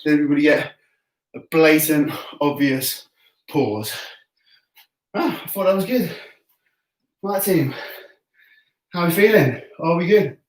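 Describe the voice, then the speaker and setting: Man, fitness coach, home workout class, slightly high voice, out of breath, echoey room, a bit off the mic. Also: a little slow, long pauses, distant mic. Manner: chatty, joking, coaxing a pet dog between sets. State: out of breath between sets.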